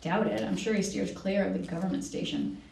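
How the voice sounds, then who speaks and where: Gravelly woman reading a novel aloud. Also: medium pitch, fairly even intonation, darkish tone, a little hiss or hum. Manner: measured reading, occasional self-corrections. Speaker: author reading. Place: public library event. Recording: echoey room, distant mic.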